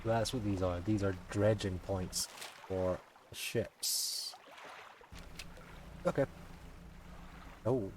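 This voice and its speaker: A man's voice: fairly low pitch, very slow, long pauses, noisy background. A man casually commenting while playing a game, muttering and swearing now and then. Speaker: gamer.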